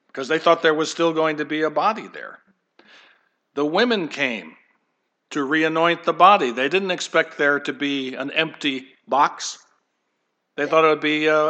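A man's voice: fairly high pitch, pushed and bright. A man preaching a conversational sermon to his congregation, with light humor and asides. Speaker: pastor.

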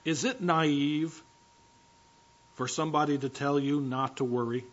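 A man's voice: on the high side, steady tone, measured pace, dull audio. A man preaching a sermon as pastor, talking conversationally and directly to his congregation in a church.

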